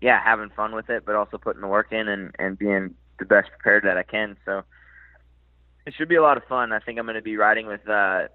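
Casual Minnesota racer, thirties, lowish voice, filler-heavy, tinny phone audio. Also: male voice, a little fast, dry recording. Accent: faint Minnesota. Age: 30s. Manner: relaxed, hesitant, many fillers and restarts. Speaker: motocross racer. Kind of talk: casual interview. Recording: dry, tinny phone-like line.

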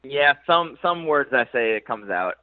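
A man's voice: mid-range voice, measured pace, no echo. Hesitant man on a tinny line. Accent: faint Minnesota. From Minnesota. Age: 30s. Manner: relaxed, hesitant, many fillers and restarts. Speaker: motocross racer. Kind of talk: casual interview. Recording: dry, tinny phone-like line.

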